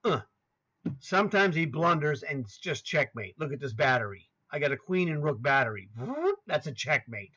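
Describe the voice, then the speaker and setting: A man's voice: on the high side, animated, moderate pace, bright, forceful tone, slightly rough, lo-fi sound. A man in his sixties teaching chess over a screen share, talking casually, naming squares aloud, and grumbling to himself now and then. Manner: chatty, grumbling asides, names squares aloud. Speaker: chess coach. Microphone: laptop setup.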